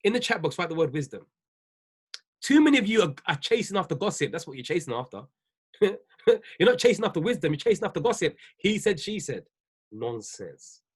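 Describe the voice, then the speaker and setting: In a livestream motivational talk, a business coach preaches to viewers with a husky, sing-song voice at a brisk clip. His pitch jumps up and down as he hammers his points again and again, laughing frequently in between.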